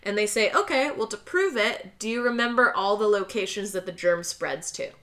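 A young woman co-hosting a casual podcast, animatedly recapping a film plot and acting out the characters' lines in high, loud voices. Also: lively intonation, moderate pace. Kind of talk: casual chat.

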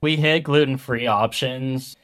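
A man's voice: medium pitch, a little slow, fairly bright tone. A young man from Colorado, a food truck owner, chatting loosely in an interview with lots of fillers. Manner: loose, rambling, heavy on fillers. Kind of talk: casual interview chat.

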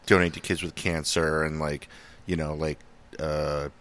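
A man's voice: a bass voice, flat delivery, a little slow, a bit bright. A man from Minnesota co-hosting a casual podcast, rambling and profane, laughing often and filling gaps with "uh" and "um". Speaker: podcast co-host. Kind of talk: casual chat.

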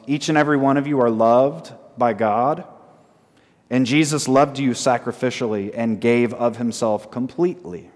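A man preaching a sermon as pastor, often asking the congregation questions and repeating short phrases slowly for emphasis. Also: medium pitch, in a large hall. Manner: asks the congregation frequent call-and-response questions.

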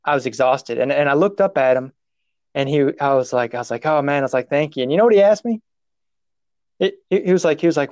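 A man's voice: on the high side, fast talker, darkish tone, no echo, lo-fi sound. A man telling a personal story in casual conversation, rambling and self-mocking, restarting his sentences and laughing at himself.

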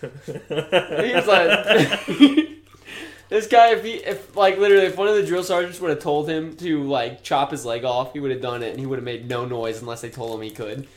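A man's voice: mid-range voice, fairly even intonation, fast talker, hardly any pauses. A young man co-hosting a podcast, telling rambling, profane stories and laughing at them. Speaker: podcast co-host. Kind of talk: casual chat, storytelling. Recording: roomy echo.

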